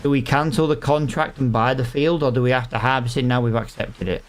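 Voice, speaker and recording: A man's voice: medium pitch, fairly even intonation, a little fast. A man giving casual, chatty gameplay commentary and talking to his viewers. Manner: chatty, exasperated, talks to viewers. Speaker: gaming streamer.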